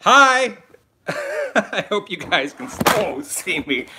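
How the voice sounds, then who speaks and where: A young man hosting his first live stream from his phone, chatty and excitable, laughing often as he reads out viewer comments. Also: sits high, slow, noisy background. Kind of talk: casual live-stream chat.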